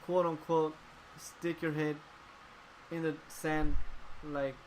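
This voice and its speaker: A man's voice: a little high, flat delivery, slow, a little hiss or hum, poor audio. Profane, heated man ranting on a podcast. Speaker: podcast host. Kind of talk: casual chat.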